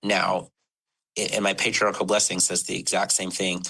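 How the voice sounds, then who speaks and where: Deep, gravelly man telling his story haltingly. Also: level tone, bright, forceful tone, rough recording. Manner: halting and earnest, many fillers and restarts. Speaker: podcast guest. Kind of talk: candid personal storytelling.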